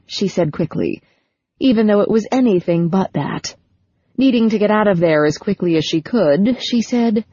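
Husky-voiced woman narrating an audiobook. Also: mid-range voice, animated, normal speed, mellow, no echo, lo-fi sound. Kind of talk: scripted narration.

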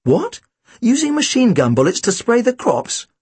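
A man voicing a brave, quick-thinking teenage boy in a storybook, shouting urgent orders and sounding exasperated. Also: very high-pitched, huge pitch swings, slightly rough, pitched above the performer's own voice, full character voice. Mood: incredulous.

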